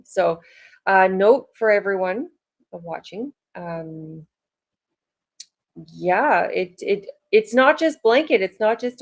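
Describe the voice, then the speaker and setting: A woman's voice: mid-range voice, measured pace. Chatty woman vlogging casually. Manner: chatty, rambling, frequent "like" fillers. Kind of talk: casual chat to camera.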